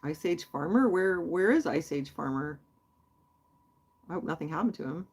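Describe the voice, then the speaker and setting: A woman's voice: deep voice, expressive, moderate pace, slightly rough. A woman hosting a casual livestream, chatty and rambling as she answers her viewers. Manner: chatty and rambling, many fillers. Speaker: host.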